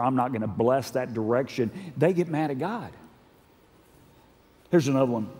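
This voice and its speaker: A man's voice: medium pitch, mellow, breathy edge. A male pastor preaching a conversational sermon to a live congregation, building to emphatic, repeated points. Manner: conversational preaching, with rising intensity and emphatic repetition. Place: church sanctuary. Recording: long hall reverb.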